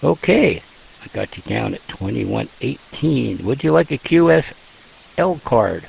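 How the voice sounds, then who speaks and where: Folksy net-control operator, man, slow and gravelly, tinny radio sound. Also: mid-range voice, sing-song. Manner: folksy, joking, slow and drawn out. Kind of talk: casual radio net chat.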